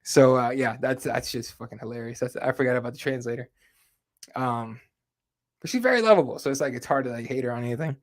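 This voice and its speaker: A man's voice: medium pitch, fast. A man chatting casually as the host of a live fight talk show. His talk is loose and conversational, full of fillers, and he swears freely. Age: adult with kids. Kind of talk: casual chat.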